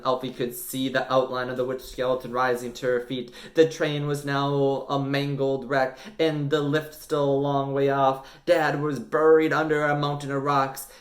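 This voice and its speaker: A man reading a children's book aloud, narrating with lively drama. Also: medium pitch, normal speed, few pauses, reverberant. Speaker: storyteller.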